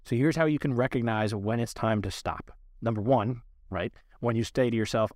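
Male dog trainer, mid-pitched, earnest explainer, dry close mic. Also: moderate pace, darkish tone, dry recording. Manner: earnest, explanatory, talks to listener directly. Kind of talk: instructional podcast talk.

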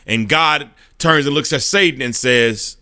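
A man's voice: on the high side, a little slow, pushed and bright, dry recording, studio quality. A man preaching a sermon, telling a vivid courtroom story and often repeating words as he goes.

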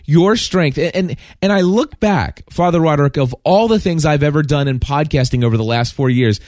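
A man from Kentucky hosts a podcast in a casual, earnest way, often stumbling and restarting as he gets emotional. His voice sits a little high. The recording is close and dry. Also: normal speed, a little mellow, no room sound. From Kentucky, USA. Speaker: podcast host.

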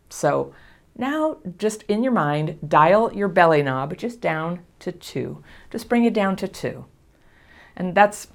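A middle-aged woman calmly and reassuringly teaching about healing from trauma, laughing softly now and then. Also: fairly low pitch. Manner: gentle, reassuring, laughs often. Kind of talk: casual spoken lesson to camera.

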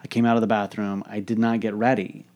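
A man with a fairly low voice tells a candid personal story. He sounds frank and reflective and swears freely as he works through what went wrong, speaking like a coach sharing a lesson. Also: little pitch movement, fast talker, a little mellow.

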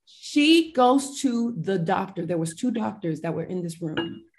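A woman's voice: mid-range voice, unhurried, slight background noise. A woman, a podcast guest, telling a personal family story with feeling and acting out the dialogue. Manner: emotional, animated retelling with quoted dialogue.

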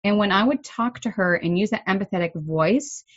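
A middle-aged woman hosting a parenting podcast, explaining in an earnest, gently emphatic way. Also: mid-range voice, normal speed, no echo, lo-fi sound. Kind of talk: solo podcast talk.

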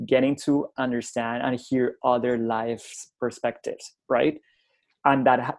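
A middle-aged man from Colombia, a native Spanish speaker, speaks in a mid-range voice. He tells stories from his teaching work in a conversational way. He acts out the dialogue and keeps checking in with "right?". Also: mid-range voice. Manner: animated, acts out dialogue, frequent tag "right?". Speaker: college instructor and guest. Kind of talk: conversational storytelling.

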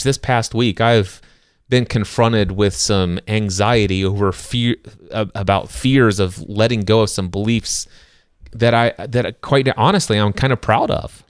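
A man's voice: on the low side, clean tone, no echo, clean studio sound. A middle-aged man co-hosting a casual book-discussion podcast, talking earnestly about faith and acting out his inner dialogue with emphasis. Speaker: podcast co-host.

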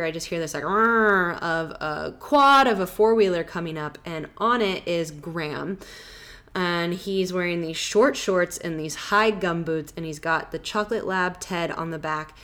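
Her voice is on the low side and a bit bright, at normal speed, as this woman hosts a podcast. She rambles through travel stories casually, filling them with "like" and "you know".

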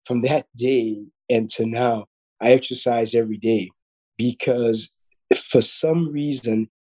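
A man's voice: medium pitch, steady tone, slow pace, low-quality recording. Earnest man in his fifties, telling a story. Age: 50s. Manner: earnest, repeats words, warm storytelling. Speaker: guest surgeon. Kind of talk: storytelling in a podcast interview.

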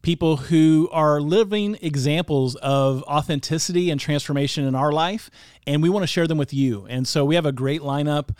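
A man's voice: a little high, moderate pace, darkish tone, dry recording. A man co-hosting a podcast, chatting in an upbeat, casual way with frequent "uh"s. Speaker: podcast co-host. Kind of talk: casual chat.

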